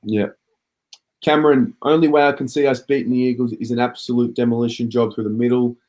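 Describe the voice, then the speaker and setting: A man's voice: mid-range voice, steady tone, a little fast, a little mellow. A man hosting a casual footy chat show, reading out viewer comments and chatting along. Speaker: podcast host reading comments.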